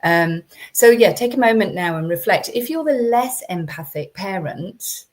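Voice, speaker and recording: A woman's voice: medium pitch, animated, measured pace. A woman coaching parents in a chatty live-streamed talk, with many ums and restarts.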